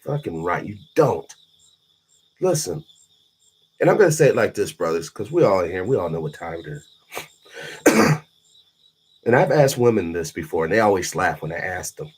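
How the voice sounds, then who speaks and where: A man with a husky, grainy voice holds forth late at night to his live chat. He talks bluntly and profanely, preaching like a streetwise big brother. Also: low voice, sing-song, moderate pace, long pauses, darkish tone. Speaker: livestreaming vlogger.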